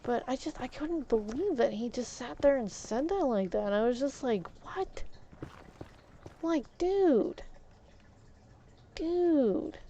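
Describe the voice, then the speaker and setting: A woman's voice: fairly high pitch, lively intonation, moderate pace, hardly any pauses, dark tone, a little hiss or hum. A woman livestreamer chatting casually while gaming, indignant and heated, often stumbling over repeated words.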